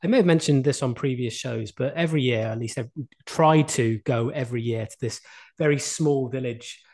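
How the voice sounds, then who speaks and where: A man's voice: mid-range voice, moderate pace, a little mellow. Self-mocking British man telling a story. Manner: rambling storyteller, self-deprecating, laughs often. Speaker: podcast co-host. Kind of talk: casual chat.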